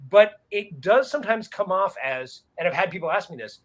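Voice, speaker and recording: A man hosting a comedy panel, talking in rambling stretches and quoting people in quick bursts. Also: sits high, lively intonation. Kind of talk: casual panel discussion.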